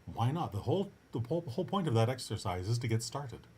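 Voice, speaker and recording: A man's voice: mid-range voice, sing-song, fast, darkish tone, breathy edge. A man hosting his own show as a writing coach, talking in a casual, earnest and encouraging way, often restarting his sentences. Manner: earnest and encouraging, with frequent restarts and upbeat asides. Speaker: writing coach and podcast host. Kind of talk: casual motivational coaching monologue.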